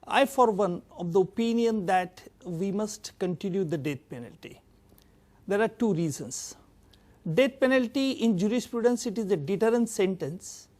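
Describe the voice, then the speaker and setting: A man with an Indian English accent, a public prosecutor on a TV panel, arguing emphatically in loose grammar. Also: high-pitched. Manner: emphatic, with non-native grammar. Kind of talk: panel debate argument.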